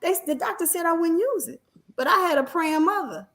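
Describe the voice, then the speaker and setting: High-voiced woman giving emphatic testimony. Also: expressive, fairly quick, a bit bright. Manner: emphatic, repeats phrases for weight. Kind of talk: faith-filled testimony talk.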